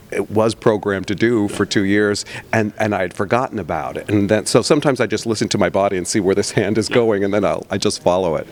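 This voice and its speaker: A man, an actor in a press interview, talking enthusiastically and rambling with many restarts. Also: fairly low pitch.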